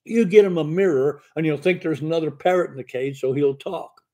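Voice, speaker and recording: A man quoting an upbeat male shopkeeper who keeps offering quick fixes, spoken in a mellow, slightly high voice. It stays close to the speaker's everyday voice. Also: lightly acted. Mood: reassuring. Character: eager male pet store owner.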